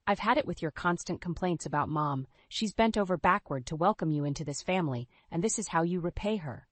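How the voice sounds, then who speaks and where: A woman's voice: lowish voice, expressive, brisk, no room sound. Lady playing a cold impatient husband, curt, brushes everything off. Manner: curt and dismissive. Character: stern, impatient husband, adult man.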